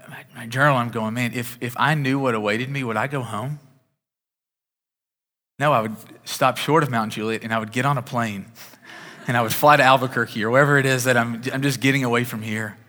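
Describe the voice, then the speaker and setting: A male pastor's medium-pitched voice comes across bright and forceful yet steady as he preaches a little fast in a church sanctuary. His conversational sermon features frequent repeated starts, echoed by a large hall's long reverb.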